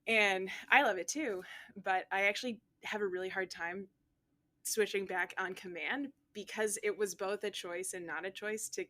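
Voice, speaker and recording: A woman's voice: medium pitch, steady tone, moderate pace, bright, forceful tone. A woman from Nova Scotia, speaking in a casual interview in a chatty way, with lots of "um" and "like" fillers.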